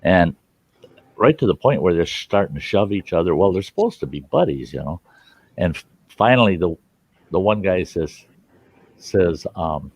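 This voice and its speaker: A man's voice: sits low, animated, moderate pace, pauses often, husky, dry recording, lo-fi sound. A man hosting his own show, telling jokes in a folksy, rambling way and laughing at his own punchlines. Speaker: host. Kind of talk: casual joke telling.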